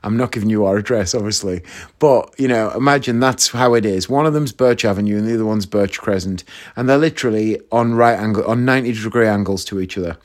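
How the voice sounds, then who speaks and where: A man's voice: on the low side, quick pace. Chatty man from northeast England telling stories. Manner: chatty, animated anecdote-telling with asides to listeners. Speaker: comedian. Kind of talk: casual storytelling.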